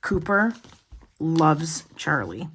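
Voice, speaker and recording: Rambling chatty woman, lowish voice. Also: sing-song, extremely slow, a bit bright, husky. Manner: rambling, chatty, many restarts and asides. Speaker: planner vlogger. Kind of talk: casual chat to viewers.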